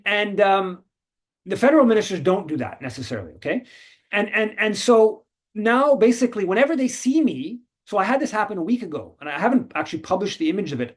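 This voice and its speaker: A man hosting a call-in show, telling stories in a rambling way with many restarts. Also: high voice. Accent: Canadian English. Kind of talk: casual storytelling and commentary.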